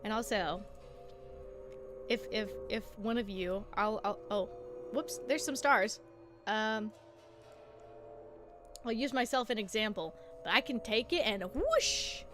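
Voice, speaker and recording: A woman's voice: fairly high pitch, animated, takes it slowly, long pauses. A woman streamer chatting casually and playfully, giggling often and tripping over tongue twisters. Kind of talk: casual live-stream chat while gaming. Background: background music.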